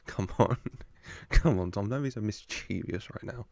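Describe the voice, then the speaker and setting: A man's voice: lowish voice, measured pace, vocal fry, a little mellow, soft background music. A man hosting a casual film reaction, chatty, joking with the screen and laughing often. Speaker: reaction video host.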